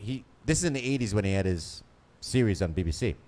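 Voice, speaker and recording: A man's voice: lowish voice, quick pace. A man co-hosting a podcast, swearing constantly and joking crudely in loose casual banter. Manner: swearing, animated, jokey, trails off and restarts. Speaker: podcast co-host.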